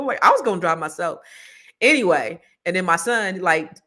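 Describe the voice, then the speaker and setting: Woman podcast host, middle-aged, chatty and off-the-cuff, lower voice. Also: expressive, normal speed, a bit bright. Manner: chatty, rambling, laughs a lot, slangy. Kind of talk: casual chat with viewers.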